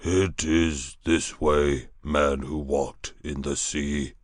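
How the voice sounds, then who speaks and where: Guy doing a hairy grey beast-man in a storybook, low, slow and grave, strange timbre. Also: flat delivery, no room sound, studio quality, heavily acted. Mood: solemn.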